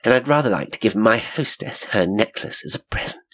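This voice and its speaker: A composed young woman in an old mystery, cool and cutting when cornered, voiced by a man narrating. The voice sits above his usual low register, with a husky edge. She speaks quickly and steadily, never losing her nerve. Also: lively intonation, a bit bright. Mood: calm.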